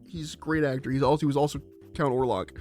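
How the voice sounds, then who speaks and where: A man's voice: medium pitch, steady tone, fast, over music. Rambling, chatty man streaming live. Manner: rambling, chatty, lots of fillers and laughs. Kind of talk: casual live-stream chat.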